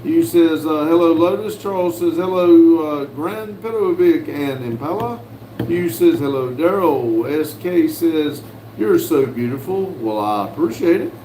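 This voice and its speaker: A man's voice: on the high side, lively intonation, dark tone, a little hiss or hum. Folksy American man reading live chat. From United States. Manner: folksy, unhurried, many filler "uh"s, reads viewer messages aloud. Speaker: livestream host reading chat. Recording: roomy with faint background ambience.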